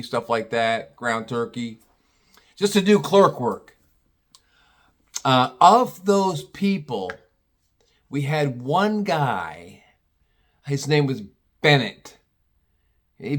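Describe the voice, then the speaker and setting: A man telling a casual story to his own camera, rambling, restarting often and swearing casually. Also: medium pitch. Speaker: storyteller, former meat department manager. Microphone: camera he films himself with.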